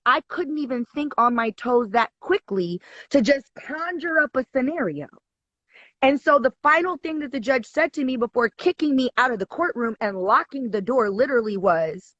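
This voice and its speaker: Pitched high with a fairly bright tone, a female guest launches into a profane, emphatic, heated anecdote during a casual live video call. There's no echo; the stream audio comes through dry and dull.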